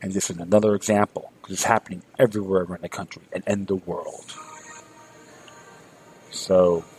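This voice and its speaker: A man's voice: deep voice, level tone, moderate pace, a little mellow, soft background music, poor audio. Fiery, sarcastic man hosting political talk. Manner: sarcastic, fiery, rallying listeners; rambling, repeats words when starting sentences. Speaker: show host. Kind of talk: political commentary talk show.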